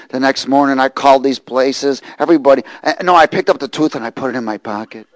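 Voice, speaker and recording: A man preaching a sermon, reading scripture and telling a lively personal story. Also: mid-range voice, fairly quick, dry recording, low-quality recording. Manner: animated storytelling, rising to shouts and laughter.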